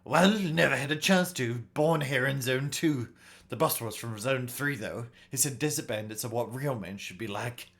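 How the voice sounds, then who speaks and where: A man voicing an angry, rude male wolf bandit in a game, talking brashly and loudly. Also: medium pitch, normal speed, creaky. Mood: defensive. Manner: brash, shouting, swearing.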